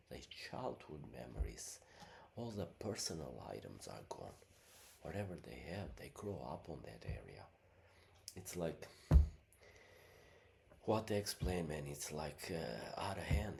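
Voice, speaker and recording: His voice extremely low, gravelly and dark, a middle-aged man talks casually and at length, his native language being Albanian. He's been ill for a month and sounds congested, scattering fillers like "you know what I mean" throughout, over a faint hiss or hum.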